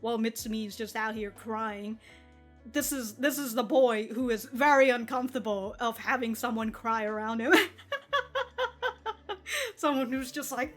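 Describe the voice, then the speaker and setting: A woman's voice: fairly high pitch, a little slow, pauses often, fairly bright tone, soft background music. A woman hosting an anime reaction video, rambling in casual commentary, laughing often and swearing freely. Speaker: anime reaction channel host.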